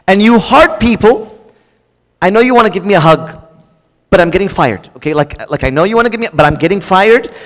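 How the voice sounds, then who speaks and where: A fairly quick, slightly bright male voice that sits high and has lively intonation carries a joking, conversational sermon. The preacher speaks directly to the congregation with casual fillers and restarts, echoing through a large hall.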